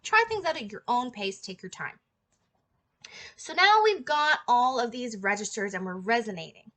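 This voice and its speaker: A woman's voice: a little high, expressive, normal speed, fairly bright tone. A young woman giving a casual singing lesson, chatting and breaking into short sung demonstration notes. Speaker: singing teacher.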